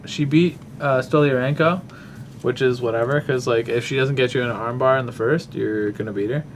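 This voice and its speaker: A man's voice: mid-range voice, brisk, a little hiss or hum. A man hosting a casual talk show, rambling through a fight breakdown while thinking aloud with many fillers. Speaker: podcast host.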